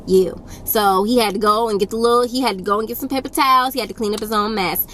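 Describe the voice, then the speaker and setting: A woman's voice: on the high side, fairly even intonation, fast, fairly bright tone. A young woman tells a casual storytime to her camera in a blunt, no-nonsense, sassy way. She hammers her points home by repeating them. A faint hiss sits under her close-miked voice. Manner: blunt, firm and sassy, with emphatic repetition. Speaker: YouTube storyteller.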